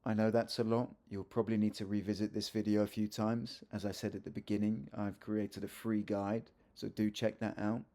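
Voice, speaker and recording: A man's voice: fairly low pitch, level tone, a little fast, few pauses, warm tone. A man teaching a video grammar lesson, chatty and self-correcting, with joking asides as he explains. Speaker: Spanish teacher.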